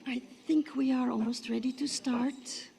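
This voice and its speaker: A woman with a rough, hoarse voice moderating a conference session, her speech hesitant and full of fillers. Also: high-pitched, steady tone, measured pace, warm tone, a little hiss or hum. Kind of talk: opening remarks at a conference side event. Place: large conference room. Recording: long reverb of a large hall.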